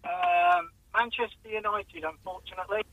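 A man's voice: high voice, big pitch swings, normal speed, gravelly, no echo. A man calling in to a radio show, hesitant and full of fillers, speaking over a muffled phone line. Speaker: caller. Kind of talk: phone interview.

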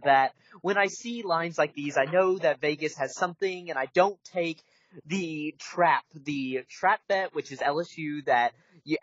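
A man on a podcast, animated and incredulous, rambling casually about college football bets. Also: on the high side. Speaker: podcast co-host. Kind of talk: casual sports-betting chat. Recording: dry, muffled close-mic podcast audio.

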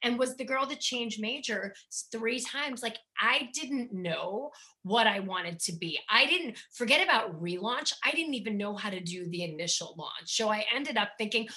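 A woman with a bright, sharp voice shares her story as a guest on a chat show. She talks in an animated, self-deprecating way and laughs easily. She speaks as a dating coach in a relaxed interview. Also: on the high side, normal speed, few pauses, poor audio.

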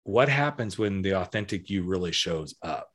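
A man's voice: low voice, expressive, normal speed, a bit bright, husky. A man who works as a coming-out coach, chatting casually in a frank, rambling way that often breaks off mid-sentence. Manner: frank, rambling, self-interrupting. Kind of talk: casual podcast chat.

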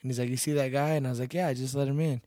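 He's a young bouncer and MMA fighter from Texas, telling stories as a guest on a laid-back podcast, blunt and free with swearing. His medium-pitched voice is warm and steady but racing. There's no echo.

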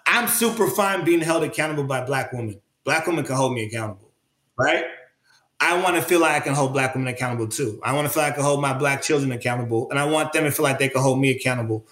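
In an echoey room, a man who is a creative artist answers interview questions with sincerity, often restarting sentences and filling gaps as he searches for the right words. He talks quickly, with a medium-pitched, slightly bright voice.

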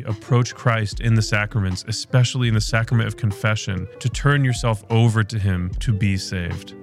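A man hosting a short podcast, reading a gospel passage and reflecting on it earnestly. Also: on the low side. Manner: earnest, slows down when reading quotes. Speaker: podcast host reflecting on scripture.

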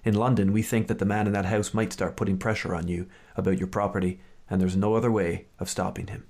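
A man reading the lines of a suave male secret agent in a soft, reassuring tone. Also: sits low, flat delivery, fast talker. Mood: resigned.

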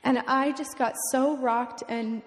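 A young woman giving an emotional, earnest personal testimony at a mission event, often halting and restarting. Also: high-pitched, fairly even intonation. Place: church event hall. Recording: long hall reverb.

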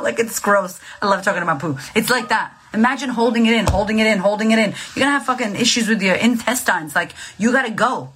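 A woman's voice: mid-range voice, sharp tone, breathy edge. A woman, likely in her thirties, giving blunt, profane mental health advice in a casual, emphatic coaching monologue.

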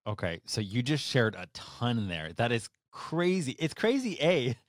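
Man, podcast host, conversational, enthusiastic reaction, very lively intonation. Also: medium pitch, measured pace, no room sound, clean studio sound. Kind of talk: conversational interview.

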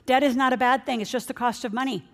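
A middle-aged woman, a financial coach, giving an energetic motivational seminar talk and speaking straight to her audience. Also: high-pitched, fast. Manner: energetic, excitable, addresses the audience directly. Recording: long hall reverb.

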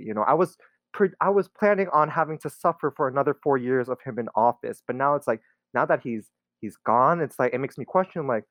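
A young man talks casually at a middle pitch. He rambles and leans on "like" and "you know". The recording is dry and close. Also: fast, a bit bright, no room sound. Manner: rambling, many fillers. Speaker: guest. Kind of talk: casual chat.

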